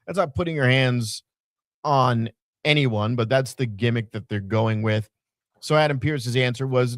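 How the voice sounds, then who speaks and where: A man's voice: mid-range voice, normal speed, no room sound, studio quality. A man co-hosting a podcast, giving a blunt, profane, opinionated wrestling recap in casual chat. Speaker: podcast co-host.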